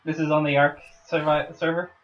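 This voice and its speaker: A man's voice: on the high side, flat delivery, a little fast, fairly bright tone. Irish man on a dull lo-fi mic. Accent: mild Dublin Irish. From Ireland. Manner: chatty, joking along. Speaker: podcast guest co-host. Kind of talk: casual chat.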